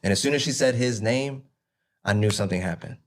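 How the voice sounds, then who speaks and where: A man, the guest, telling his personal recovery testimony in a halting way, often checking "you know what I mean". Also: medium pitch. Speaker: interview guest.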